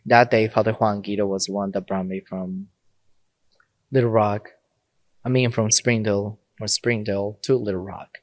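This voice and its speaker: Laughing low-voiced priest telling stories. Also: male voice, fairly even intonation, moderate pace, no room sound. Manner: laughs often while telling stories, acts out quoted lines. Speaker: Catholic priest, podcast guest. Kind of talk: casual conversational storytelling.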